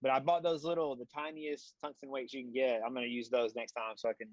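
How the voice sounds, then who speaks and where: A man's voice: medium pitch, little pitch movement, fast, no echo. A young man who is a guest on a stream, chatting casually in a rambling way with lots of fillers and dry jokes. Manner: rambling, many "like" and "you know" fillers, joking. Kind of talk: casual chat. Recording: slightly muffled remote audio.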